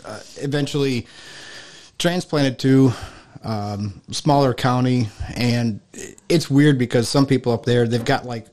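A man from Michigan, chatting casually as a podcast guest in a rambling, joking way with many halting fillers. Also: medium pitch, a little mellow. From Michigan, USA. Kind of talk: casual chat.

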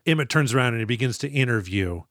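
A man co-hosting a podcast, recapping a film in casual, animated, profane chat. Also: medium pitch, fast talker, no room sound, studio quality. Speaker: podcast co-host.

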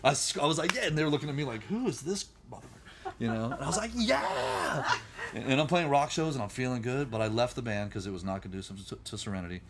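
A man's voice: mid-range voice, heavy background noise. A middle-aged man, a musician guest on a podcast, telling his recovery story candidly and acting out the voices of people he met. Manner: rapid, animated, acts out quoted voices.

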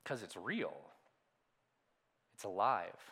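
A pastor preaching a sermon, swinging from hushed, intimate lines to loud emphatic ones and asking the congregation rhetorical questions. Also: male voice, lowish voice, sing-song, slow pace, breathy edge.

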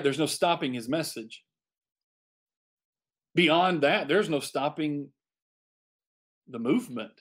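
Male preacher, slightly raised pitch, emphatic delivery with repeated phrases, sermon style.

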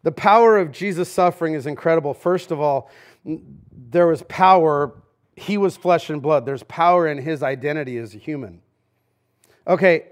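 A man preaching a sermon as pastor, in a casual, conversational way with frequent fillers and asides. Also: a little high. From Los Angeles. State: preaching with a swollen knee in a brace.

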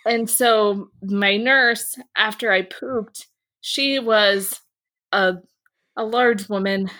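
A woman's voice: mid-range voice, extremely slow, bright, forceful tone. A woman chatting casually on a podcast, telling a candid story with lots of fillers and laughs.

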